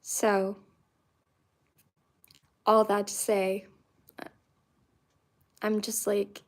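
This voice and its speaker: Talking to her viewers in a casual vlog, a young Central Florida woman rambles, restarting often and leaning on fillers. Her medium-pitched voice stays level in tone, and she speaks slowly, pausing frequently.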